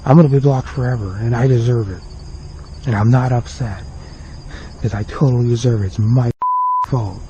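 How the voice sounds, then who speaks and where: A man's voice: mid-range voice, normal speed, long pauses, heavy background noise. A young man rambling through an unscripted apology vlog to his viewers, repeating himself and sounding remorseful. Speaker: video creator apologizing to viewers. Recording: dull lo-fi home video with faint crickets.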